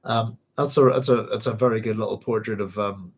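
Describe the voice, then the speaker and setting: A man's voice: on the low side, steady tone, breathy edge. A Northern Irish man hosting a book club, reading passages aloud and chatting about them in a rambling way full of ums and restarts, with a cough now and then. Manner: rambling, halting, with frequent ums and self-corrections.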